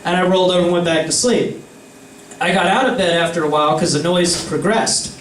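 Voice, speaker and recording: Young guy, high voice, heard from a distance in an echoey room, spins a profane party story with a faint hum behind him. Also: fairly quick, a bit bright. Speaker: storyteller among friends. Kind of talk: casual anecdote. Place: indoor room with friends. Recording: roomy, distant mic, faint ambience.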